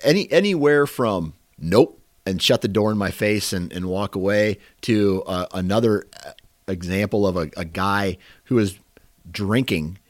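A man on a podcast telling animated stories about hunting and laughing easily. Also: lowish voice, moderate pace, no room sound, clean studio sound. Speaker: podcast co-host, hunter. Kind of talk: casual storytelling.

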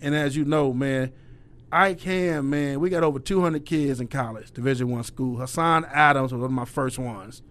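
Here a youth basketball coach in middle age is chatting and telling stories, cursing freely and acting out the voices of people he quotes with lots of energy. His pitch is medium and his pace moderate.

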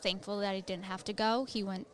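A woman's voice: medium pitch, fairly even intonation, fairly quick, slight background noise. A woman in her thirties, an Army veteran, chatting casually as an interview guest and filling her talk with "like" and "um". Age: 30s. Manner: chatty, many fillers of "like" and "um".

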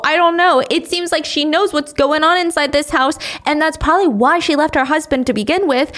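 A chatty woman telling a drama's story in a casual, offhand way, dropping in swear words. Her voice sits a bit high. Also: fairly bright tone.

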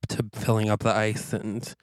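A man co-hosting a podcast, pitching a movie plot as a comic story and acting out each character's lines. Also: moderate pace, clean tone, no room sound, studio quality. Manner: animated, acts out dialogue in quotes. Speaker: podcast co-host.

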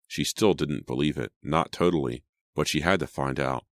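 A man narrating an audiobook in a measured, suspenseful way. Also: very deep voice, no room sound, studio quality. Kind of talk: scripted narration.

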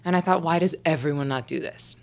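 A woman in her forties telling stories in a casual chat as a guest, animated and laughing often. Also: sits low, fast, vocal fry. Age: 40s. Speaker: guest, meditation teacher.

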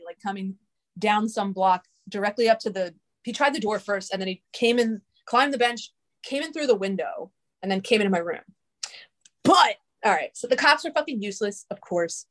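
A young adult woman telling a long story in casual, rambling talk, swearing often and filling her speech with "like". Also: mid-range voice. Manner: profane, filler-heavy, rambling.

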